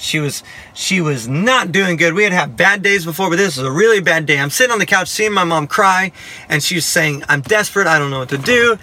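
Bright, high-voiced man telling his story. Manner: lively storytelling, acting out dialogue; humorous, self-mocking asides. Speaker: Christian giving a personal testimony. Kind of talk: storytelling testimony to a listener.

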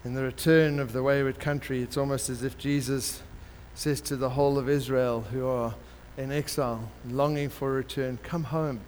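A man preaching a sermon, telling a parable in an animated way and acting out the characters. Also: mid-range voice, moderate pace, few pauses. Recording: long hall reverb with faint background noise.

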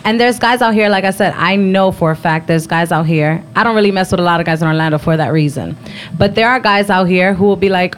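A woman's voice: lowish voice, fast talker. A woman in her thirties co-hosting a live podcast, frank and emphatic, often asking if listeners understand. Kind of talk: casual live-show chat.

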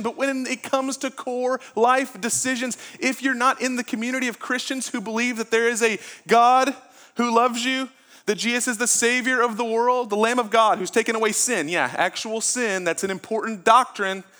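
A man's voice: very high-pitched, pushed and bright. A pastor preaching a sermon in a conversational way, asking his listeners rhetorical questions.

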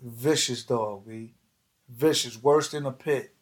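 A man's voice: mid-range voice, takes it slowly. A man telling stories in casual, slangy, profane chat as a podcast host, acting out other people's lines.

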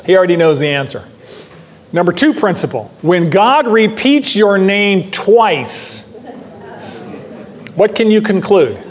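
A man's voice: sits high, expressive, unhurried, long pauses, big-room sound. An older man preaching to a Bible class, emphatic, repeating key phrases and putting questions to his listeners. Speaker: pastor teaching a Bible class. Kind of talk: sermon.

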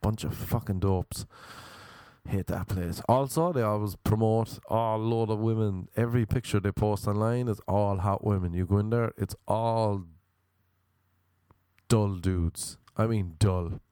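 Irish male podcast host, young adult, lowish voice, dry close sound; sardonic, sweary ranting delivery. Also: unhurried, dark tone, clean tone, no room sound. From Ireland. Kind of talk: casual comedic monologue.

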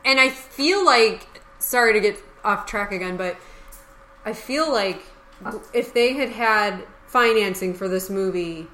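A woman co-hosting a podcast in casual chat, chatty and quick to trail off and restart. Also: mid-range voice, fairly bright tone. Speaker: podcast co-host. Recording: echoey room.

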